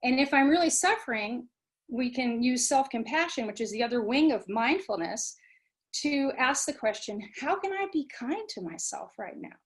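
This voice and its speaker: A woman's voice: sits high, animated, normal speed. A middle-aged woman, a program director, giving an informal talk on mindfulness. She talks conversationally and acts out students' inner voices. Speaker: study abroad program director.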